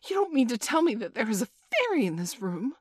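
A woman's voice: on the low side, very animated, normal speed, no room sound, pitched above the performer's own voice. A woman reading a storybook aloud, voicing an eager, curious young girl who asks breathless questions.

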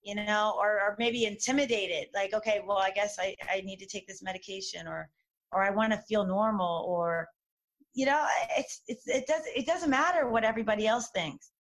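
A woman talking candidly in a casual conversation, animated, with many restarts and fillers. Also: medium pitch, moderate pace.

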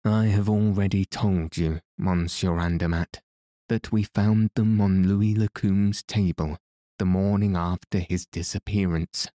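A man's voice: low voice, steady tone, measured pace, dark tone, dry recording, studio quality. A man reading the lines of a defiant, sneering male swindler in an audiobook.

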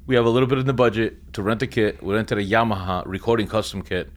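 A middle-aged drummer from the US East Coast, telling tour stories as an interview guest, swearing constantly with lively energy. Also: male voice, lowish voice, fast talker. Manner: profane, animated storyteller. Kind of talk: casual interview storytelling.

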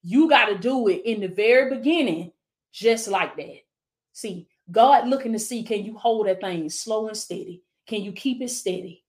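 A woman's voice: mid-range voice, moderate pace. A woman life coach on a live stream, fervently repeating affirmations, calling viewers baby and answering them by name like a preacher. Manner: preacherly call-and-response with viewers.

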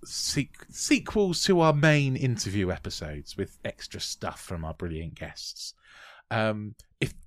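Rambling low-voiced male podcast host. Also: no room sound, clean studio sound. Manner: rambling, stumbling over words, self-deprecating. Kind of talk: casual podcast outro, plugging the show.

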